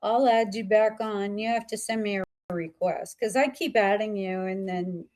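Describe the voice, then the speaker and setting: A woman's voice: medium pitch, normal speed, darkish tone. A woman hosting a psychic show in casual livestream chat, chatty and laughing, with many fillers.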